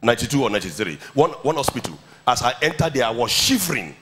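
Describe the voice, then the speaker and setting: A man's voice: medium pitch, sing-song, quick pace, background noise. A man preaching a sermon in a church, telling stories and leading the congregation in call-and-response. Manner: storytelling, then rousing the congregation with call-and-response. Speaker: pastor.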